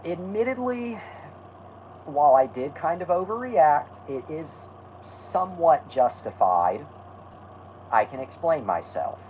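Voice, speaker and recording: A man's voice: a little high, big pitch swings, slow pace, a little mellow, a little hiss or hum, rough recording. A man hosting a casual stream, rambling and correcting himself while answering chat. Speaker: host.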